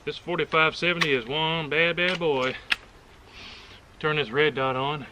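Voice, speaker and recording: A man's voice: on the high side, steady tone, a little slow, dull audio, background noise. A man hosting a casual outdoor shooting demonstration, talking in a folksy, joking and enthusiastic way, recorded on an action camera outdoors at a rural range. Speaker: firearms video host.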